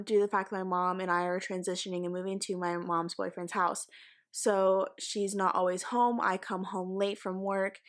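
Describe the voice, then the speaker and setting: A woman's voice: medium pitch, fairly bright tone. A young woman telling a frightening story from her life on her vlog, casual and emotional, swearing often. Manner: swearing, emotional retelling with fillers. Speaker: vlogger.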